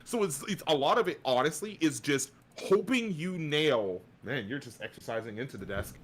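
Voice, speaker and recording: A man's voice: on the high side, animated, moderate pace, a loud crowd. A man who does voice acting, talking as a guest on a casual podcast in a blunt, talkative way and swearing freely.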